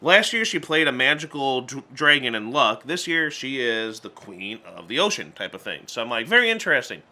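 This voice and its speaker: Male movie reviewer, casual and chatty, restarts a lot, mid pitch, bright edgy tone. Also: lively intonation, normal speed. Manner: chatty, stumbling restarts, acts out character lines in voices.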